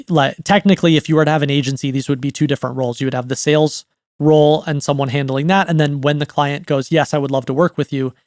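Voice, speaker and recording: A writing coach in his thirties gives a conversational business lesson on writing, often checking in with "right?". His voice is a little high and creaky, recorded cleanly in a studio with no echo.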